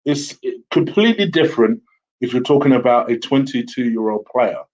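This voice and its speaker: A man's voice: medium pitch, expressive, normal speed, a little mellow. A man talking casually to camera as a football fan vlogger, blunt and opinionated. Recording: slightly dull lo-fi audio.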